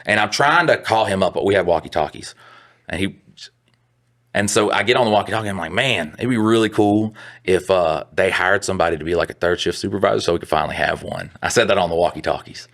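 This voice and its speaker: A man's voice: sits low, quick pace, vocal fry, a bit bright. A young adult man co-hosting a podcast, rambling through a profane work story in casual chat. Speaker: podcast co-host.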